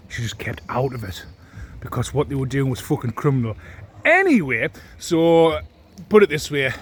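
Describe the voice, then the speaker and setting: A man's voice: medium pitch, slight background noise. A man, ranting into his phone with heavy swearing and indignant repetition. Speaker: vlogger. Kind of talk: ranting monologue to camera.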